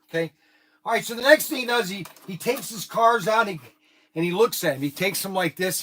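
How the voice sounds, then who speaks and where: A middle-aged man who owns a hobby shop, telling an animated, rambling story to the camera with lots of restarts. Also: sits high, a little fast, a little hiss or hum. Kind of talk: casual talk to camera.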